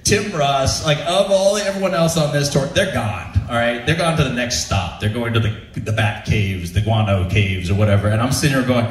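A man telling a comic story to a live audience, animated and self-deprecating, laughing as he goes. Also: medium pitch, moderate pace, few pauses, echoey room, distant mic. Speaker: stand-up storyteller, show host. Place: shipboard show venue.

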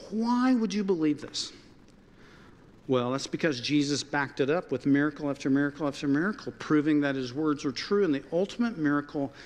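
Animated preaching man in a reverberant hall. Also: fairly high pitch. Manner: animated, conversational preaching with quoted dialogue. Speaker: pastor. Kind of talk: sermon. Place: church sanctuary.

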